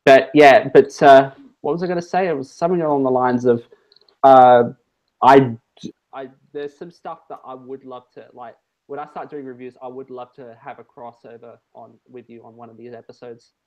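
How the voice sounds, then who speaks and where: A man's voice: medium pitch, steady tone, normal speed, darkish tone, low-quality recording. A man with an Australian accent hosting a casual podcast chat, rambling with many restarts. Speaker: podcast host.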